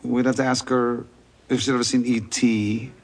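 A man's voice: medium pitch, little pitch movement, moderate pace, natural voice. A middle-aged man playing a sitcom father who speaks in a mild, hesitant, resigned way. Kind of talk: sitcom acting.

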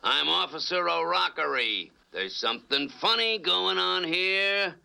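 An actor playing a gruff, suspicious male police officer in a classic cartoon, gravelly and slow-spoken. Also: sits high, expressive, sharp tone, exaggerated voice.

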